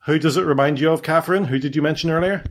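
A man's voice: a little high, rapid-fire. A middle-aged man hosting a casual family podcast, rambling, correcting himself and joking as he goes. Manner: rambling, self-correcting, playful. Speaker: podcast host.

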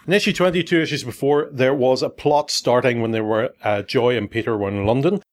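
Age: middle-aged. Sex: man. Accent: Northern Irish. Role: podcast host. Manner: wry, jokey, earnest on serious points. Pitch: mid. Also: fairly quick. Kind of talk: casual chat, comic synopsis.

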